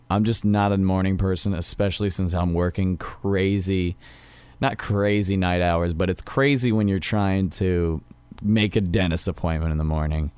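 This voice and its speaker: Young man, podcast co-host, low and smooth, dry close sound, rambling casual storytelling. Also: darkish tone, no echo. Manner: rambling storyteller, many fillers. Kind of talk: casual chat.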